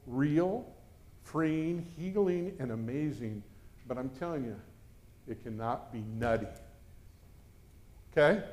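A middle-aged male pastor preaches with a voice pitched a little above the usual male range. He speaks earnestly, rising to urgent, loud stretches and dropping to quiet, confessional tones. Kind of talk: sermon.

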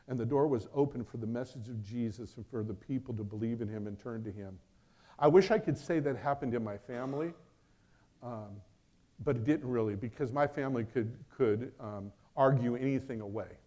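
A middle-aged male pastor delivers a sermon in a conversational, storytelling way. He acts out the voices in his story, sometimes rising loud and sometimes dropping almost to a murmur. His pitch sits in an ordinary middle register for a man. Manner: storytelling, acts out dialogue with swings in volume.

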